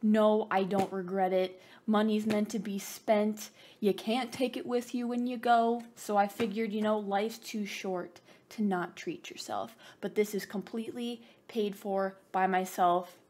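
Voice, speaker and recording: A young woman vlogging an excited unboxing, bubbly and gushing, rambling with self-mocking asides and over-caffeinated giddiness. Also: medium pitch, measured pace, hardly any pauses. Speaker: gaming vlogger.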